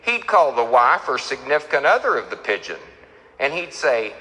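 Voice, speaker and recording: A man's voice: mid-range voice, big pitch swings, moderate pace, pushed and bright. A middle-aged man from Texas, speaking at a recovery meeting, telling his story with repeated phrases and acted-out voices of the people in it. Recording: echoey hall.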